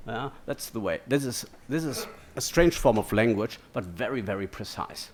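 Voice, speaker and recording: A man's voice: lowish voice, lively intonation, moderate pace, hardly any pauses. A man giving an academic lecture in a digressive way, checking in with "yeah?" and "no?" as he goes. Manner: digressive, keeps asking "yeah?" and "no?".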